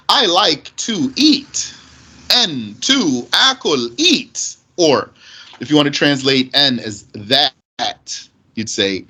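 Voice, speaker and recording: A man teaching Arabic grammar, reading passages quickly and then explaining them slowly with repeated examples. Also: animated, sharp tone, slightly rough. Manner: reads Arabic text fast, then explains slowly with repetition; pitch jumps up when giving examples.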